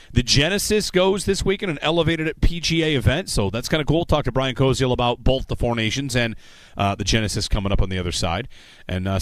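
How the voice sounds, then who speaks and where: Conversational sports radio host, dry mic. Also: male voice, medium pitch, no room sound. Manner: conversational, rambling, reads promos. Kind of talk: sports talk radio banter. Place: radio studio.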